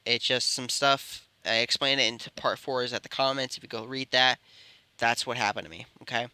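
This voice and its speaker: A man's voice: mid-range voice, a little fast, sharp tone, clean tone, no echo. A man telling an improvised fan story, rambling and correcting himself as he goes. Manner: rambling, self-correcting narration. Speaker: YouTube storyteller.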